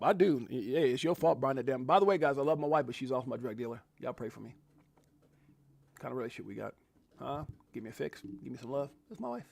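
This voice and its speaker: Stream host, male, lively pitch swings, dry close mic, hype shout-outs, slightly scratchy throat. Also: gravelly, no echo. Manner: hyped, swinging between low mumbles and loud shouted catchphrases. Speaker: crypto livestream host. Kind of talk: casual livestream chat with viewer shout-outs.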